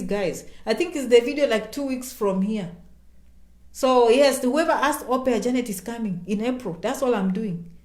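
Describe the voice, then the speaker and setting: A woman's voice: on the high side, reverberant. A woman answering her viewers' questions in a casual livestream. She is chatty and emphatic, repeats herself for effect, and speaks of herself by name. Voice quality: animated, emphatic repetition. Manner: chatty, self-promoting, speaks of herself in third person.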